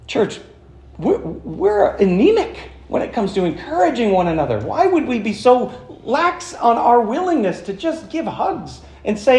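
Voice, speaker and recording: A man preaching a sermon as pastor, animated, swinging from hushed passages to loud, high-pitched points. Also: moderate pace, roomy sound. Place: church.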